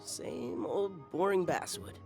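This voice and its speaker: A man's voice: high-pitched, slow, vocal fry, full character voice. A man voicing an easygoing, blunt small-town local in video game dialogue. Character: laid-back small-town man, coffee shop regular. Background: game music.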